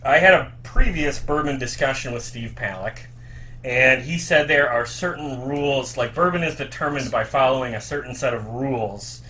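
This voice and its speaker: A man's voice: medium pitch, moderate pace, pushed and bright. A man hosting a podcast in casual, easygoing chat, laughing often. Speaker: podcast host.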